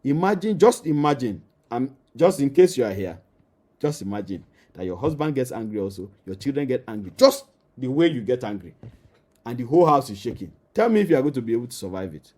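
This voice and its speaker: A man's voice: medium pitch, big pitch swings, fairly quick, a little mellow. A man with a Nigerian accent, a marriage counselor giving an emphatic teaching that addresses the listener directly and repeats key phrases.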